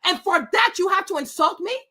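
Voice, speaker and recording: High-pitched woman ranting indignantly. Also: expressive, brisk, pushed and bright. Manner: indignant, repeats rhetorical questions, swears. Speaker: livestream host. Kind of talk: heated livestream rant. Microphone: webcam.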